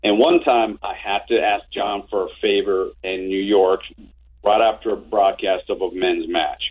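Guy in his 50s telling stories over a tinny phone line, kinda husky and low. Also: moderate pace. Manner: animated anecdotes with frequent restarts. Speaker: interview guest. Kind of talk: casual storytelling. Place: home office.

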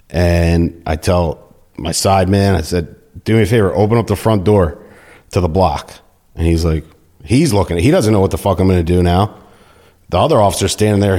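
A middle-aged man, a former prison officer, bluntly telling a story in an interview, swearing freely and acting out the dialogue. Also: low-pitched. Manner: blunt, heavy swearing, animated retelling with quoted dialogue.

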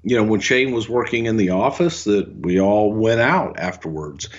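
A low-voiced older man spins relaxed anecdotes, often chuckling and slipping into the voices of the people he quotes. The sound is dull and lo-fi, with a muffled top end. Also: moderate pace. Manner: relaxed, chuckling storyteller who acts out quotes. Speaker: podcast co-host and former wrestling executive. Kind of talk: anecdotal storytelling.

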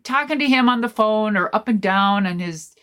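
A woman guest-hosting a podcast, telling stories in a rambling, animated way with lots of fillers and swearing. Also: medium pitch, moderate pace. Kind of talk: casual storytelling chat.

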